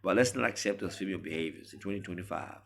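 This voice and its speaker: Male commentator, low pitch, preachy and emphatic, talking straight to the viewer. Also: rapid-fire, creaky, fairly bright tone. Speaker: relationship commentator. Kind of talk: monologue to camera.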